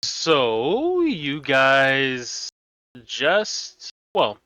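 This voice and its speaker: A man's voice: medium pitch, huge pitch swings, extremely slow, sharp tone, dry recording, poor audio. A man running a tabletop game as game master, chatting casually and laughing easily between rules and scene-setting.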